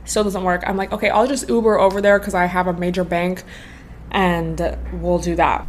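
A woman's voice: mid-range voice, moderate pace. A woman in her twenties hosting a podcast, telling a casual storytime with lots of slang and swearing. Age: 20s. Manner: slangy, animated, swears freely. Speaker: podcast host.

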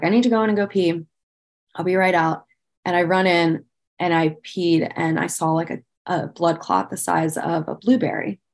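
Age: 30s. Sex: woman. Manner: earnest storyteller. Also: on the low side. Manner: earnest, conversational, frequent "like" fillers; speaks about painful memories with visible emotion. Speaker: podcast guest. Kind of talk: candid personal storytelling.

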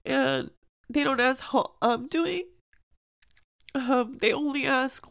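A woman's voice: high voice, slow pace, gravelly, fairly bright tone, dry recording. A young woman hosting a podcast, speaking earnestly and emotionally in a personal monologue, at times close to tears. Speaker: podcast host.

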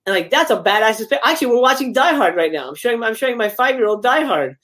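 A woman's voice: on the high side, animated, fast talker, a bit bright. A woman guest on a casual movie talk stream who speaks bluntly and swears freely.

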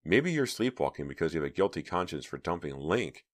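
A man's voice: deep voice, very animated, brisk. A man reading an audiobook, voicing a scornful teenage girl who talks sarcastically. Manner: sarcastic, scoffing.

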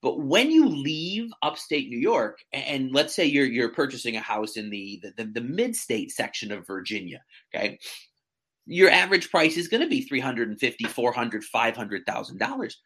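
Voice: medium pitch, sing-song, moderate pace, fairly bright tone, slightly rough. A real estate agent chatting casually as a podcast guest, telling stories animatedly with many fillers and restarts.

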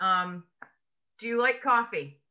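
An American woman hosting a podcast interview, friendly and quick to laugh. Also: medium pitch, lively intonation, pushed and bright, highs cut off. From United States. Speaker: podcast host. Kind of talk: casual interview.

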